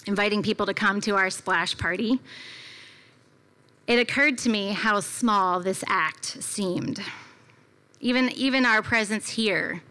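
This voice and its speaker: A woman's voice: medium pitch, sharp tone. A woman preaching a conversational sermon, telling a personal story in a reflective way with casual fillers. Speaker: preacher at a church gathering.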